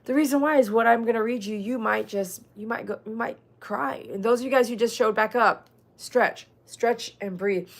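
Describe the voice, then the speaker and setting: A middle-aged woman from Texas with a local accent chats with livestream viewers about her dog grooming, joking, laughing, and reading the chat. She speaks at a moderate pace in a slightly high voice with vocal fry.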